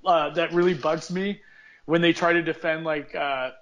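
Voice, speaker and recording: A man's voice: a little high, steady tone, moderate pace, a bit bright, dull audio, a little hiss or hum. A man co-hosting a podcast, talking casually in a rambling way full of restarts and fillers. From United States. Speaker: podcast co-host. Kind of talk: casual chat.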